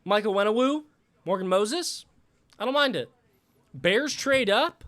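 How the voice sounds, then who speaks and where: A male live-stream host with a high, bright voice talks in a loose, casual way. He rambles and thinks out loud as he reacts, and breaks off to thank viewers. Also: expressive, a little slow.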